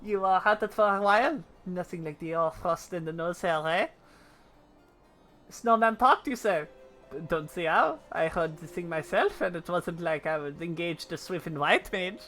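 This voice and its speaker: A woman's voice: lowish voice, normal speed, fairly bright tone, faint music behind, close to an everyday voice. A woman voicing a chatty villager in a game with a put-on French accent, tacking "eh?" onto her sentences. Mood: chummy. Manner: folksy, tacks on "eh?". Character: chatty folksy villager in a snowy town.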